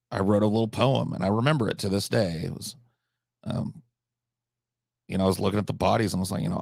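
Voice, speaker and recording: A man hosting a live stream, telling rambling, absurd comic stories with deadpan delivery and profane asides. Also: on the low side, fast, gravelly, pauses often, dry recording, clean studio sound. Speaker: livestream host.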